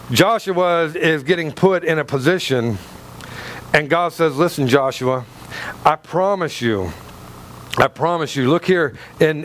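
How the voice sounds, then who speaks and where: A male pastor preaching a sermon in a lively, conversational way, calling out to the congregation. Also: on the high side, slight background noise.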